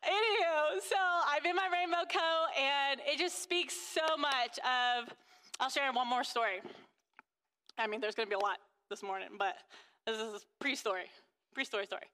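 A woman's voice: high-pitched, normal speed, sharp tone, clear, resonant tone, in a large hall. A woman sharing a casual faith testimony about being a mother. She gushes and fills her talk with restarts and fillers. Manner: gushing, full of fillers and restarts.

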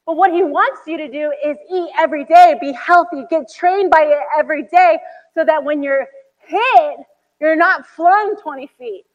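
A woman's voice: high-pitched, normal speed. A woman in her thirties preaching a sermon, telling stories animatedly with acted-out quotes and many "like"s. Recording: dull hall recording.

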